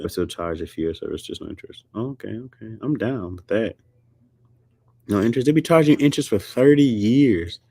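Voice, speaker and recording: Casual male streamer from the US, low voice, very lively, jokey delivery, dry close mic. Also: dry recording. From United States. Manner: animated, joking, jumps into high squeaky pitch for emphasis. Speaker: streamer host. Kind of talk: casual chat.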